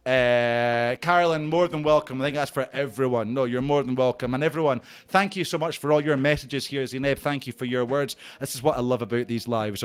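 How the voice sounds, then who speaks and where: A man's voice: fairly high pitch, clean tone. A middle-aged man with a Scottish accent hosting a live stream on a video call. He banters casually and reads out viewer comments, swearing freely.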